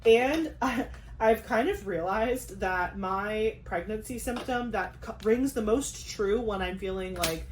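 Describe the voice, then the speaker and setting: A young woman chatting casually on her craft vlog, talking fast with lots of "like" and quick asides. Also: medium pitch, slight background noise. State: pregnant. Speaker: craft vlogger. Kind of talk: casual chat.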